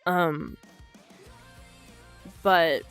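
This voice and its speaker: A woman's voice: low voice, big pitch swings, drawn-out words, a bit bright, smooth, soft background music. A woman telling a personal story unscripted, in a blunt, rambling and emotional way, swearing a lot.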